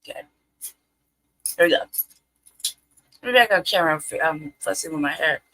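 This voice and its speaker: A woman's voice: low voice, lively intonation, normal speed, pushed and bright, slight background noise, low-quality recording. A woman hosting a live stream in casual commentary, chatty, laughing often and trailing off mid-thought.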